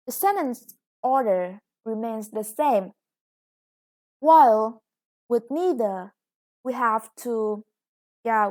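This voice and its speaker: Woman, English teacher, slightly high voice, slow and careful delivery. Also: darkish tone. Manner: slow, deliberate, stresses each new word. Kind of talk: recorded classroom lesson.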